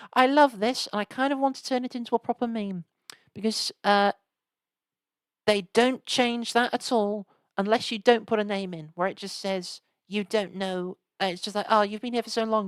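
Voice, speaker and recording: There's no echo on this woman's medium-pitched voice as she streams old games live. She's chatty and casual, rambling along with frequent restarts and side comments.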